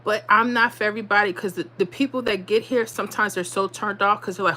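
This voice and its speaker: A woman's voice: mid-range voice, moderate pace, pushed and bright. A woman hosting a casual livestream, talking straight to her viewers in a blunt, motivational way and often repeating herself. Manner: repeats herself, drops into dialect. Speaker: livestream host.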